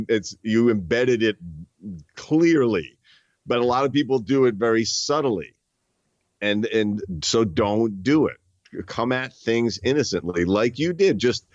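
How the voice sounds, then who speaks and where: A man's voice: medium pitch, no room sound, lo-fi sound. A man talking as a guest in a casual interview, full of restarts and fillers, from the northern United States. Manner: halting, many restarts and fillers. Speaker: guest author.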